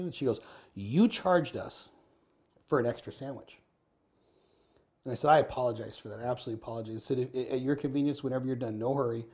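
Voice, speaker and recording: An American man telling a story in an interview, earnest and quick, acting out the lines of the people in it. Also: mid-range voice, a little mellow. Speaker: podcast guest.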